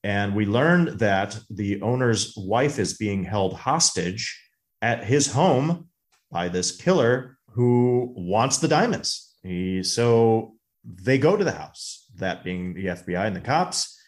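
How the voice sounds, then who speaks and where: Male podcast co-host, lower voice, relaxed storytelling recap. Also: slow pace. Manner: relaxed, recaps plot at length. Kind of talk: casual movie podcast chat.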